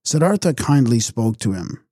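A man narrating a novel as an audiobook in a calm, measured way. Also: mid-range voice, breathy edge, no room sound, studio quality. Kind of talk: audiobook reading.

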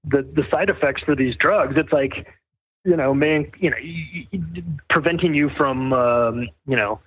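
A man's voice: fairly high pitch, measured pace, breathy edge. Wry man on a tinny phone line. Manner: wry, rambling, sardonic. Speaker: guest author. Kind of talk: casual interview storytelling.

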